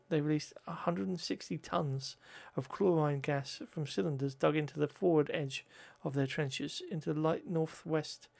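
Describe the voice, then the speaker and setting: A man's voice: on the high side, creaky. A man reading history notes aloud, often stumbling over words, correcting himself and adding joking asides.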